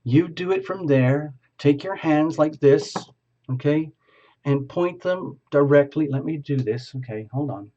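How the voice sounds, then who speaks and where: A man's voice: on the high side, unhurried, mellow, lo-fi sound. A man as a tarot reader, improvising a live reading and talking a viewer through each step.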